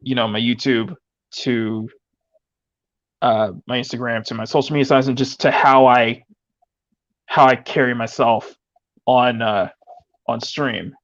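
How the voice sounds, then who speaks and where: A man's voice: medium pitch, fairly even intonation, measured pace, pauses often, a bit bright, dry recording, muffled recording. A man streaming, chatting casually and stuttering often as he restarts his sentences. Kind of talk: casual chat on a live stream.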